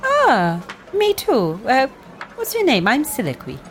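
Brief: woman doing a bubbly, rambling adventurer in a tabletop game, voice swooping widely in pitch. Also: wildly swooping pitch, unhurried, slight background noise, full character voice. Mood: friendly. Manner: eager, rambling, hesitant with many fillers. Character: friendly, chatty young woman adventurer. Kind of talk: playing a character in a tabletop game.

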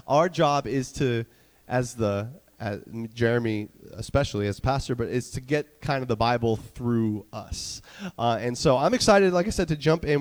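A man from New York preaching a casual sermon as a church's student director, talking fast with many fillers while a bit stuffy from a cold. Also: medium pitch, a little mellow, in a large hall. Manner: quick-talking, chatty, many fillers and restarts. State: stuffy, getting over a cold. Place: church sanctuary.

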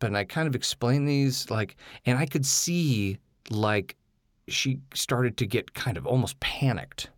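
A man's voice: mid-range voice, measured pace, dry recording, studio quality. A man telling a candid personal story in a rambling way, full of fillers.

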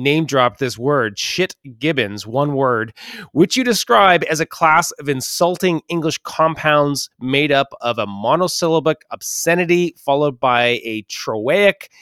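A man's voice: fairly high pitch, fairly bright tone, clean tone, no room sound, studio quality. A man co-hosting a podcast, asking an academic guest playful, joking questions. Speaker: podcast co-host. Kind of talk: casual podcast interviewing.

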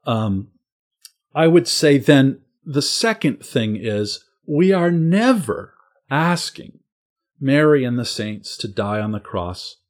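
A man talking theology with a friend, earnest and explanatory. His voice sits at an ordinary middle pitch, and he leans hard on the words that matter. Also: very animated, slow. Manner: earnest, explanatory, emphatic at key points. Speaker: guest. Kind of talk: casual theological conversation.

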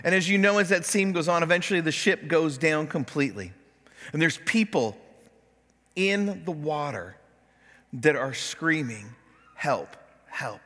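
A man's voice: fairly high pitch, a bit bright, in a large hall. A man preaching a sermon as pastor, telling a story and acting out the voices of the people in it. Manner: storytelling, acts out voices in quotes. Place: church sanctuary.

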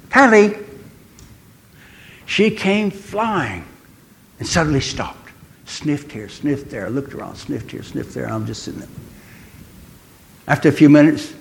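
A man's voice: a little high, a little mellow. An older man giving a sermon, telling stories in a chatty way and asking his listeners questions. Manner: chatty storytelling, asks the congregation questions. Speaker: preacher.

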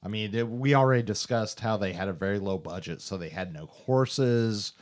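Low-voiced, matter-of-fact man. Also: moderate pace. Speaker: podcast co-host. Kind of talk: casual chat.

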